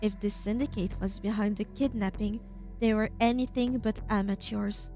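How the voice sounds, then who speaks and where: A young woman streamer reading a game's text aloud with expressive narration and casual asides. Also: mid-range voice, normal speed, faint music behind.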